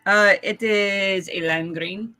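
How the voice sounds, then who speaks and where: A woman playing a tabletop game, explaining her character's actions in an unhurried way with laughter. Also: mid-range voice, fairly even intonation, sharp tone, clean tone, faint music behind. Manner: unhurried, laughing, thinking aloud. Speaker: player. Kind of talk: casual tabletop play.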